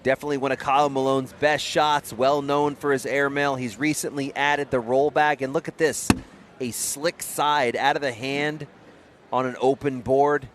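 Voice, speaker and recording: Man, play-by-play commentator, brisk, excitable, mid-pitched voice. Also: a little hiss or hum. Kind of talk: sports commentary.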